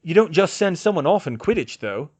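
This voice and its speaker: A man's voice: on the high side, sing-song, fairly quick, husky, pitched above the performer's own voice. A man voicing a blunt grumbling young wizard. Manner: grumbling, matter-of-fact. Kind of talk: audiobook reading of fan fiction.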